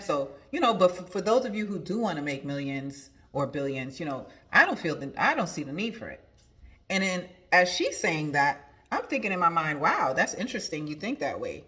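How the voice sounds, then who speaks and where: Woman, spiritual coach, motivational talk, emphatic, repetitive, crisp bright tone. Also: deep voice, big pitch swings, moderate pace. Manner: emphatic, preachy, repeats phrases.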